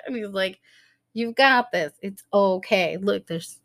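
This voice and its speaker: A woman's voice: mid-range voice, brisk, a bit bright. A woman in her thirties co-hosting a podcast, telling a story in casual chat with lots of laughter and acted-out quotes. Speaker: podcast co-host.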